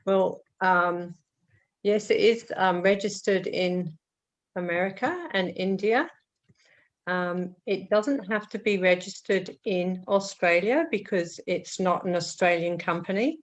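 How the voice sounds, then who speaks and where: A woman's voice: fairly low pitch, slow. A woman moderating a group discussion, reading out questions hesitantly and then answering them.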